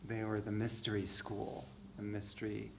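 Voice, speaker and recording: A man teaching a relaxed spiritual class to a live group, gentle and unhurried, laughing easily. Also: lowish voice, creaky, a little hiss or hum. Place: church hall with a live group. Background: guitar music.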